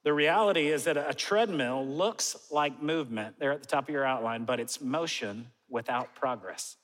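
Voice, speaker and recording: A pastor in his forties giving a conversational sermon, animated, with self-mocking asides. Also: on the high side, long reverb tail, low-quality recording. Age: 40s.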